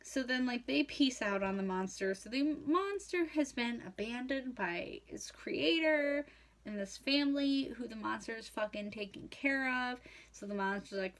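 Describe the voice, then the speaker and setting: A woman's voice: mid-range voice, moderate pace. A drunk young woman retelling a classic novel in a rambling, profane, casual way. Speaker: comedic host retelling a novel. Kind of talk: tipsy casual storytelling.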